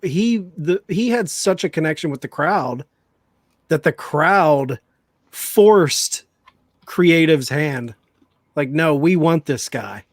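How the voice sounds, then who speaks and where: A man's voice: on the high side, lively intonation, slow pace, no echo, studio quality. A man hosting a podcast, talking casually and thinking aloud as he builds his point. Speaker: podcast host. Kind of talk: casual panel chat.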